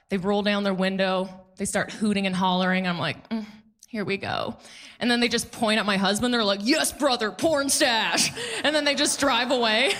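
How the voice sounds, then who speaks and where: A woman performing a stand-up comedy set before a live audience, quick and playful, mocking the people she quotes. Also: mid-range voice, a bit bright.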